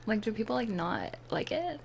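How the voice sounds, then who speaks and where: A woman's voice: mid-range voice, sing-song, moderate pace, vocal fry, slight background noise. A young woman with a Valley Girl accent, chatting in a whispered role-play as an ASMR streamer, close to the mic and full of "like" fillers. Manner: chatty, many "like" fillers, drifts between whisper and soft voice. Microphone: close ASMR mics.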